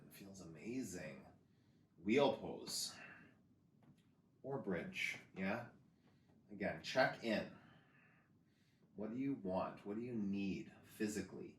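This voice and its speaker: A man leading a guided yoga class, giving calm, encouraging cues and counting breaths. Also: low-pitched, slow pace, long pauses. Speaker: yoga teacher. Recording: roomy, distant, faint background hiss.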